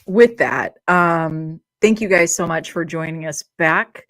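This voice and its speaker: A woman's voice: low-pitched, takes it slowly, a bit bright. A woman co-hosting a casual podcast, giggling often and rambling with frequent restarts. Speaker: podcast co-host. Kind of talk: casual chat.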